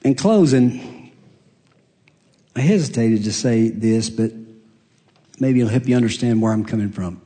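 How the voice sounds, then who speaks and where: Man, sermon delivery, emphatic peaks, hushed drops, earnest confessional tone, mid-pitched voice. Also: a little slow, pauses often. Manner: emphatic, rising high then dropping to near-hush. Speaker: preacher.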